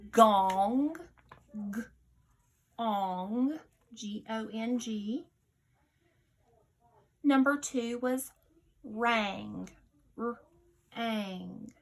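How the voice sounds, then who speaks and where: A woman teacher leading a recorded phonics dictation lesson, sounding out each word slowly and deliberately. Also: on the high side.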